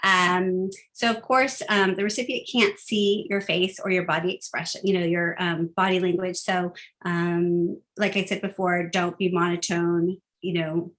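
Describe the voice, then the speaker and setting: A woman's voice: on the low side, level tone, measured pace, few pauses, a bit bright. A woman giving a casual, upbeat phone-skills training talk, chatty and full of fillers.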